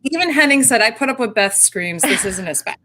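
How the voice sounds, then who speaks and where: Lively high-voiced woman co-host. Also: a little fast, a little hiss or hum. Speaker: podcast co-host. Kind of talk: casual chat.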